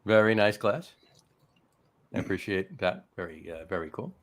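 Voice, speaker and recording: A man's voice: sits low, moderate pace. A man with a New Jersey accent hosting a casual chat show, telling stories with plenty of ums and uhs. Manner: rambling storyteller, lots of ums and uhs. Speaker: host.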